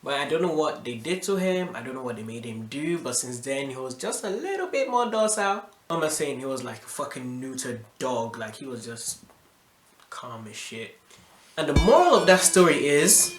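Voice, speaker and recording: A man from Nigeria telling a school story in a casual vlog, animated and full of slang and fillers. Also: medium pitch, normal speed. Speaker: vlogger. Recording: roomy with background music.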